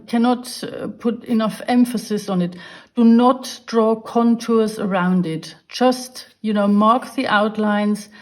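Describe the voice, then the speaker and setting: A woman's voice: mid-range voice, a little mellow. A woman giving a drawing lesson, patiently explaining each step while she draws. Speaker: art teacher.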